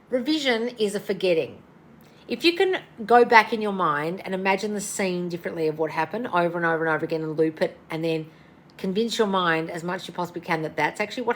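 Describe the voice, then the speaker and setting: A woman's voice: mid-range voice, fairly bright tone. Tired, blunt woman coach calling everyone darling. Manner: casual, blunt, calls listeners darling. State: tired and yawning. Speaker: manifestation coach. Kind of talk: livestream Q&A.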